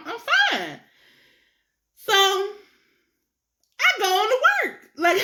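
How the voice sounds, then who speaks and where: Animated young woman telling a story. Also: a little high. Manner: animated, laughs often, slangy and expressive. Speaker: vlogger. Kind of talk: casual storytelling.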